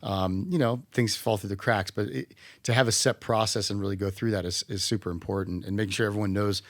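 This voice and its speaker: Low-voiced, agreeable male podcast host. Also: steady tone, fast talker, no echo. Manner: agreeable, with frequent affirmations and restarts. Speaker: podcast host, company CEO. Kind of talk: casual interview chat. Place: podcast studio.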